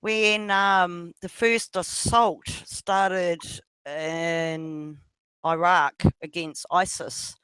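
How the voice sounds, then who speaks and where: A woman's voice: lowish voice, fairly even intonation, extremely slow, a bit bright, smooth, no room sound. A woman with a New Zealand accent in a casual voice chat, rambling, swearing freely and laughing often.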